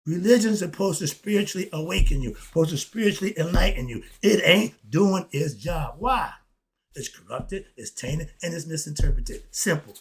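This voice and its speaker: A man lecturing about spirituality, asking and answering his own questions, with quiet asides and loud excited bursts. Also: fairly high pitch, moderate pace, slightly rough. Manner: preachy, talks straight at the audience, asks and answers his own questions. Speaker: host.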